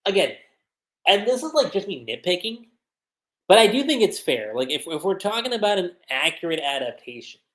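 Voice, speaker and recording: A low-pitched woman talks through an anime episode on a livestream, her voice swinging up and down with energy. She keeps it casual and slangy and drops "like" all the time. The sound is roomy and echoey. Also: moderate pace. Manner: animated, casual slangy recap with many "like"s. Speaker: anime reviewer. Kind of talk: livestream episode recap and review. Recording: roomy echo.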